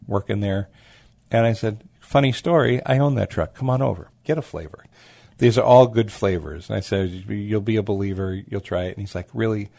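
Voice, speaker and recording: Low gravelly-voiced man telling stories. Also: no echo. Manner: animated, acts out quoted voices. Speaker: guest, food truck owner. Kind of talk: casual storytelling interview.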